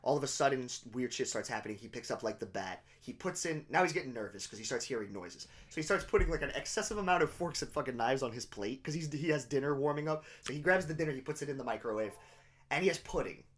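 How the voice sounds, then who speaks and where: A man's voice: medium pitch, quick pace. A young man co-hosting a casual podcast, retelling a TV episode with lots of swearing and laughter. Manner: animated storytelling, frequent swearing and laughter. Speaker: podcast co-host.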